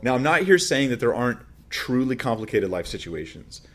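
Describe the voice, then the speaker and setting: A man's voice: medium pitch, sing-song, brisk. A man preaching a sermon as a pastor, teaching through a Bible passage in a conversational way with emphatic rises and frequent restarts.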